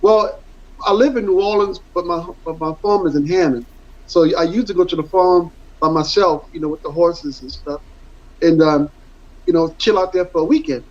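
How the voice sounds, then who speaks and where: Guy in an interview, earnest and rambly, keeps repeating himself, highish voice, kinda muffled audio. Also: normal speed. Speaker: interview guest, former football player. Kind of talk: candid interview storytelling. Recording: dull lo-fi audio.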